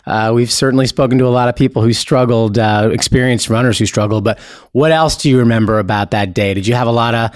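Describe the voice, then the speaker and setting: A man's voice: mid-range voice, steady tone, fast, no echo. A middle-aged man hosting an interview, asking questions in a friendly, conversational way. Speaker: podcast host. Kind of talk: interview questions and read sponsor message.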